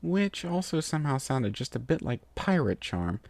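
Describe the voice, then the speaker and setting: Animated male storyteller. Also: mid-range voice, moderate pace, creaky, no room sound. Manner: lively storytelling. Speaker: narrator. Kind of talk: fan fiction reading.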